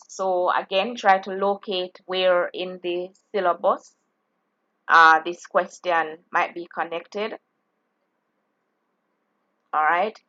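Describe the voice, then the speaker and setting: Woman teacher, slow deliberate delivery, bright tone, dull lo-fi audio. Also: lowish voice. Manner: slow, deliberate explaining with frequent restarts. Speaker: geography teacher. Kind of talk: exam-prep lesson.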